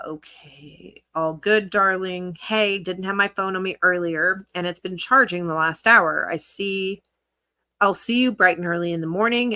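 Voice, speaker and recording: A woman's voice: on the low side, sharp tone, no echo. A woman commentary creator reading text messages aloud, with sarcastic asides between the quotes.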